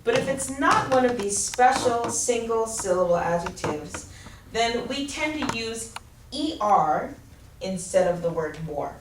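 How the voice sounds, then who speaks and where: Slow, clear-spoken woman teaching grammar. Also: fairly high pitch, lively intonation, background noise. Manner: slow, clear teacherly explanation with spelled-out letters. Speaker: ESL teacher. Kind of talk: grammar lesson. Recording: roomy, distant mic with faint ambience.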